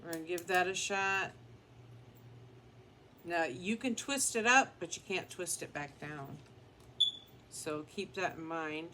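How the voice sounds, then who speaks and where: A woman's voice: fairly low pitch, takes it slowly, pauses often, background noise. A woman beauty vlogger chatting casually and rambling in a down-to-earth way while she does her makeup at home.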